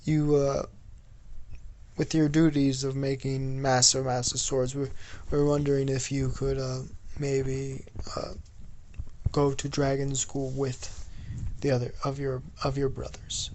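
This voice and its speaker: A man playing a stern middle-aged Viking chief, formal and commanding, speaking slowly with a gravelly edge. He gives orders like a father who expects them to be obeyed, as the narrator puts him on. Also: medium pitch, monotone, darkish tone, a little hiss or hum, lightly acted.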